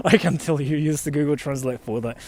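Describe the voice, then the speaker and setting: An excitable young man chats on a livestream in a fairly high voice. He rambles, tosses in filler words and mild swearing, and keeps it loose and animated. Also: normal speed. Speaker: livestream host reading donations. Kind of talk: casual livestream chat.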